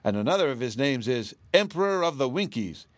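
A man voicing a confident little girl in a storybook reading, speaking in a bright, matter-of-fact way. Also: mid-range voice, very animated, brisk, no room sound, voice pushed up, lightly acted. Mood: earnest.

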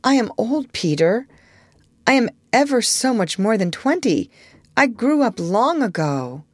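A woman reading aloud and voicing a gentle, apologetic grown-up mother. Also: a little high, big pitch swings, measured pace, dry recording, studio quality, voice pushed up. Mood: faltering. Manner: tender, apologetic. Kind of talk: storybook reading.

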